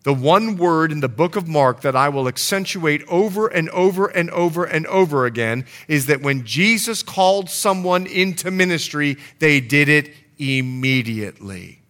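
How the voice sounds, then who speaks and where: A male pastor preaching a sermon, an animated storyteller with playful asides. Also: on the high side.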